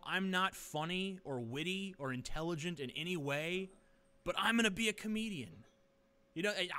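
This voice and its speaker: Man, sarcastic webcam rant, living room, fairly high voice, crisp tone. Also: pushed and bright. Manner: sarcastic, profane, rambling with many fillers. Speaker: vlogger.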